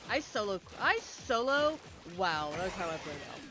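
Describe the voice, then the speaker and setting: A woman's voice: fairly low pitch, brisk, over music. A young woman streamer chatting casually to her viewers, candid and rambling, often laughing and swearing. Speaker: game streamer.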